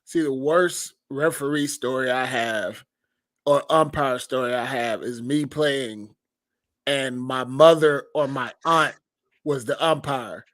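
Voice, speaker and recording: A man on a podcast telling a profane story in a deadpan, casual way. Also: medium pitch, takes it slowly, no echo. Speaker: podcast co-host. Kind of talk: casual chat.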